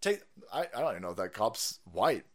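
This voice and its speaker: A man's voice: lowish voice, lively intonation, quick pace. A man ranting on a live stream, sarcastic and profane, who often laughs at his own jokes. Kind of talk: profane political rant.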